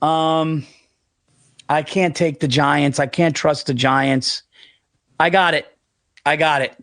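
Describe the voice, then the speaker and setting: High-voiced man making blunt sports picks. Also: fairly even intonation, takes it slowly, fairly bright tone, no echo, clean studio sound. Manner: blunt, profane, laughs at his own jokes. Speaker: podcast co-host. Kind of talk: casual sports chat.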